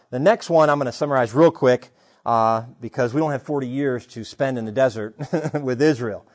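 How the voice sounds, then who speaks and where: Animated man preaching a sermon. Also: mid-range voice. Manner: conversational, animated retelling with rhetorical questions. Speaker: pastor.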